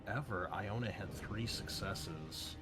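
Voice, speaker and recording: A man narrating a tabletop role-playing game as game master, pausing often with fillers and restarts. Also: fairly low pitch, loud music behind the voice. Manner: halting, many fillers and restarts.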